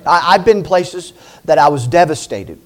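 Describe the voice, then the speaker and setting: Middle-aged male preacher, slightly high voice, animated and laughing, acts out voices. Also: moderate pace. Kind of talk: lively sermon.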